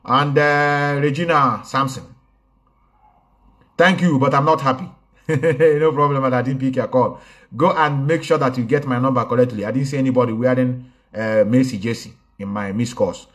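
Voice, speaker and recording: A man's voice: mid-range voice, steady tone, normal speed, a bit bright. Man talking casually on a livestream. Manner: code-switching, greets viewers by name. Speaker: online activist commentator. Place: indoors, recorded in a home in a city.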